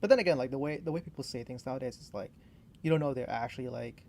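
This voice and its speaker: Talking very fast in a mid-range, darkish voice, another young male podcast co-host chats casually. He sounds loose and unsure, leaning heavily on fillers such as "like" and "you know."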